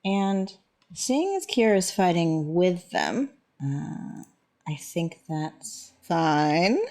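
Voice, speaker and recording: Low-voiced woman playing a tabletop game. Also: animated, extremely slow. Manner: hesitant, many fillers and soft laughs. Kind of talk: casual tabletop game play.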